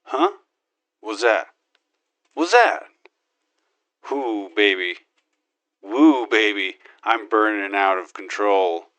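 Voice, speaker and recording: Man doing a brash space marine hero, boastful, wisecracking, gun noises, lowish bright voice, slow drawl. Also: fairly even intonation, no echo. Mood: cocky. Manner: boastful wisecracking, makes gun sound effects. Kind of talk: in-character game monologue.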